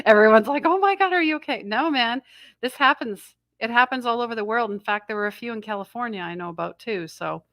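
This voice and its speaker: A woman's voice: a little high, moderate pace, a bit bright, no room sound, clean studio sound. A middle-aged woman hosting a live spiritual energy update, rambling and breaking off mid-sentence as she passes on messages she says she hears. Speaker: intuitive astrology host.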